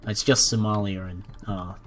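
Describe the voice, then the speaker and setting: A man casually commenting on a strategy game as he watches, playful and jokey, with excited outbursts. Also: fairly low pitch, normal speed. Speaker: gaming commentator.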